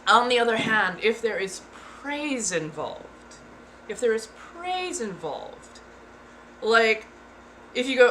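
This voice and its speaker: Giggly, animated woman chatting. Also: fairly high pitch, takes it slowly, slight background noise. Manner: frank, giggly, animated storytelling with playful put-on voices. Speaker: ASMR streamer. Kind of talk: casual chat.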